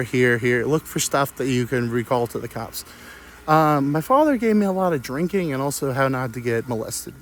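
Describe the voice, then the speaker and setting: A young man rambles through a crude comic story, mocking himself as he drifts from tangent to tangent. His voice sits at an ordinary middle pitch. A faint background noise runs under the recording. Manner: crude, self-mocking, digressive. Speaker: podcast host.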